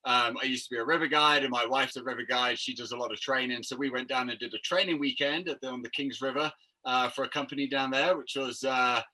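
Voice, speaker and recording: Bright upbeat British man. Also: medium pitch, fairly even intonation, quick pace, rough recording. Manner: upbeat, laughing easily. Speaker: podcast co-host. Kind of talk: casual banter.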